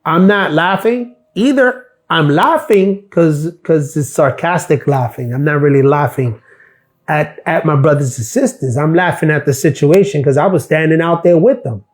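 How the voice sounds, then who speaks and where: Middle-aged guy on a live stream, fairly high voice, blunt sarcastic rant, swears a lot. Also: moderate pace. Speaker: live stream host, former mail carrier. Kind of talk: casual ranting live stream.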